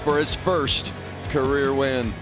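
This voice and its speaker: Race broadcaster over music. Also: male voice, mid-range voice, level tone, takes it slowly. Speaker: race play-by-play announcer. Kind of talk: broadcast commentary.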